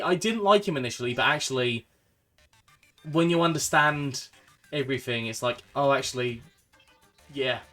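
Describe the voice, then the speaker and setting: A man's voice: medium pitch, fairly bright tone. Rambling man over game music. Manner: rambling, heartfelt, trailing off with fillers. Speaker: gaming channel host. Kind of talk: casual gameplay commentary.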